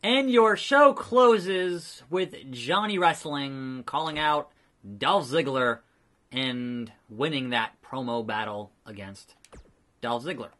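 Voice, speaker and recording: A man hosting a let's play, giving excitable, jokey wrestling play-by-play with sudden shouts. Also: medium pitch, takes it slowly. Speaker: host.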